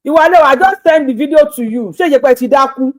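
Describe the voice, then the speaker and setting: A Nigerian woman making an impassioned plea to camera, begging repeatedly and shifting between rapid talk and slow, drawn-out appeals. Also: high-pitched. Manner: pleading, begging, repetitive. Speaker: social media creator.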